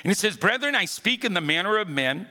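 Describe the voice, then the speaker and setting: A male pastor delivers his sermon with a bright, forceful edge, his voice sitting a little above the usual male range. He drives home key phrases by repeating them and calling for the congregation to answer. The sound rings out with the long reverb of a large auditorium. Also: high-pitched, very animated, fairly quick. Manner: emphatic preaching, repeats key phrases, calls for congregation response. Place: church auditorium.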